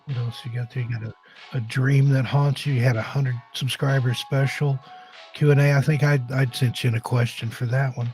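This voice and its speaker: A man's voice: mid-range voice, steady tone, a little fast, a little mellow, faint music behind. A man hosting a casual live-stream chat show, joking and rambling with a slightly scratchy throat. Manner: easygoing, joking, rambling with restarts. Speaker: podcast host.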